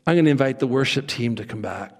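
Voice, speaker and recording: A man preaching a sermon as pastor, animated and conversational, acting out quoted voices with humor. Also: mid-range voice, fast. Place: church sanctuary. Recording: reverberant church hall.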